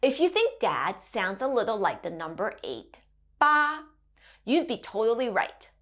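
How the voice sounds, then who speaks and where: A woman teaching Mandarin to children in a cheerful, slow and clearly enunciated teacher's voice. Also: mid-range voice, huge pitch swings. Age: adult parent. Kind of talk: children's language lesson.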